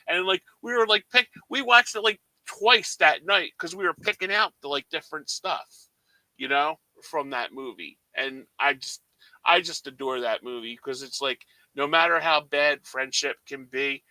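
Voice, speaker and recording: A man's voice: medium pitch, moderate pace, bright, forceful tone, dry recording, rough recording. A man co-hosting a movie podcast, telling stories in a rambling, casual way full of fillers. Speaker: podcast co-host. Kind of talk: casual chat.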